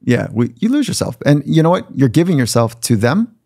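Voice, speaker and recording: A middle-aged man, a podcast guest, candidly telling animated stories with some swearing. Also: mid-range voice, fairly quick, no echo, clean studio sound. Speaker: podcast guest, sport psychologist. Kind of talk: storytelling conversation.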